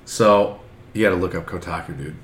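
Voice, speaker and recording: Deep-voiced man in loose profane banter. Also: a little fast, roomy sound, slight background noise. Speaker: podcast co-host. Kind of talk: casual chat. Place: outdoors on a summer day.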